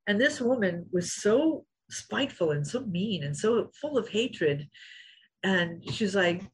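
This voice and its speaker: Husky-voiced woman telling fight stories. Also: medium pitch, slow pace, rough recording. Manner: animated storyteller, acts out quotes, laughs often. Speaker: interview guest, former fighter. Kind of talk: storytelling interview.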